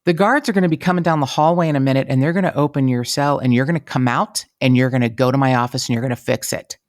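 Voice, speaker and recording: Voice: medium pitch, steady tone, fast, no echo, studio quality, close to an everyday voice. A podcast host putting on a creepy, menacing voice for a towering male prison inmate.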